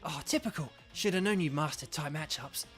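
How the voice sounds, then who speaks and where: A man's voice: a little high, brisk, fairly bright tone, faint music behind. A man streaming a video game, chatting casually and rambling as he reads viewer comments aloud. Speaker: streamer and voice actor.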